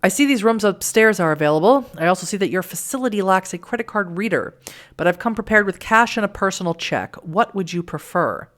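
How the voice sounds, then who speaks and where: A woman voicing a poised, cultivated man with dry reserve, in a measured and calmly wry way, while reading a text game aloud. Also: medium pitch, close to an everyday voice.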